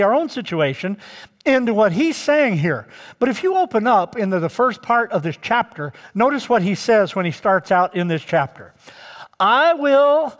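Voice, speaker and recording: A male pastor preaching a sermon to his congregation, drawing out key words and addressing them directly. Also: high-pitched. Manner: emphatic, draws out key words. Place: church sanctuary. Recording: long church reverb.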